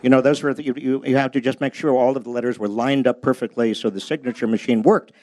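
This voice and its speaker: An older man gives a funny, story-filled talk about his book at a public library event space, with a self-deprecating edge. His medium-pitched voice is steady and a little mellow, moving at a quick pace.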